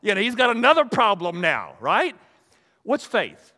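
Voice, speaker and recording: A man's voice: sits high, wildly swooping pitch, normal speed, pushed and bright. An older man preaching a conversational sermon to a live audience, rambling and folksy, with many restarts and asides. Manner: rambling, folksy, full of restarts and "you know". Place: hall with an audience. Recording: long hall reverb.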